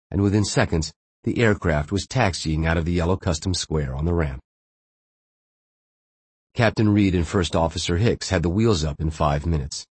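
A man narrating a thriller audiobook in a steady, measured way. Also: low-pitched, breathy edge, no echo.

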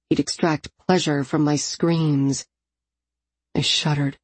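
Low, husky woman narrating an audiobook. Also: darkish tone, dry recording.

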